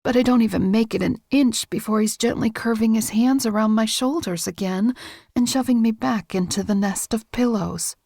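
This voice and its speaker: A woman narrating a romance audiobook in first person, with a steady, intimate, measured reading. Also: a little high, creaky, no echo, studio quality.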